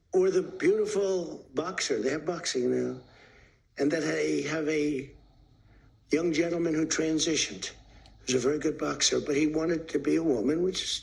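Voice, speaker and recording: A man's voice: fairly high pitch, gravelly, poor audio. A man giving a rambling off-the-cuff speech as president, emphatic and repetitive, acting out stories. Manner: animated storyteller acting out quotes.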